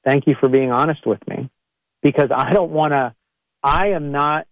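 A chiropractor addresses podcast listeners in a conversational monologue, his voice a little high, at normal speed, on a muffled recording with no echo. He acts out what people say, raising his voice for the quotes.

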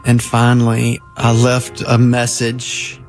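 Gravelly, flat-toned man in his fifties. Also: medium pitch, faint music behind. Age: 50s. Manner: earnest, heartfelt, with halting restarts. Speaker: minister telling his adoption story. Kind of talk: personal storytelling.

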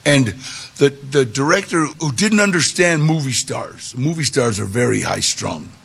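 A man telling a personal story to an audience, animated, with gravelly voice-play in the quotes. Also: mid-range voice, unhurried. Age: 40s or older. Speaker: guest storyteller.

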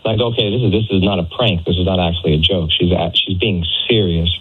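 Husky man on a phone line. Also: low voice, fairly even intonation, fast talker, faint music behind. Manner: hesitant, many fillers, then storytelling. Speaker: phone call guest. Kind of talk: telling a story over the phone.

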